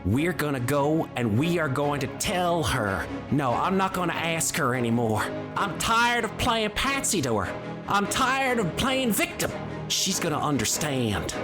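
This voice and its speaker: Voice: low-pitched, pitched below the performer's own voice, close to an everyday voice. The game master voicing a small winged elephant-like celestial who is fed up and lets it out in a rising, exasperated outburst.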